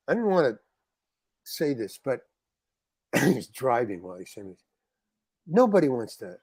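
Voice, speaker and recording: A man being interviewed on a podcast, telling an anecdote with lively restarts and acted-out quotes of other people. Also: mid-range voice, no room sound, studio quality. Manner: animated, acts out other people's lines in quotes, frequent restarts. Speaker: interview guest, actor. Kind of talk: anecdotal storytelling in a podcast chat.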